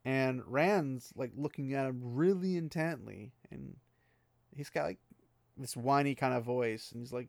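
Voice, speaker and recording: A man's voice: medium pitch, measured pace, creaky, darkish tone, no echo. A man casually retelling a fantasy novel chapter for a podcast, chatty with lots of asides. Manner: chatty, lots of 'he's like' asides, laughs at the text. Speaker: book recap podcaster.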